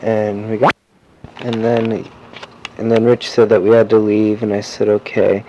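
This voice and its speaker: A teenage boy recording a personal audio diary, rambling and halting with lots of fillers and restarts. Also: on the low side, little pitch movement, darkish tone. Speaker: diarist. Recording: dull lo-fi cassette tape with faint hiss.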